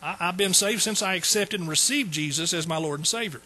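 Man, pastor preaching, folksy asides, bright husky voice, faint hum. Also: high voice, a little fast, low-quality recording. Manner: folksy, joking asides to the congregation. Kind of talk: sermon.

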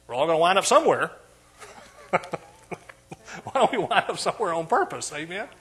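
A man with an East Texas accent preaching a sermon in a church, calling for amens and swinging between quiet asides and loud emphasis. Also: fairly high pitch, very animated, fairly quick, husky.

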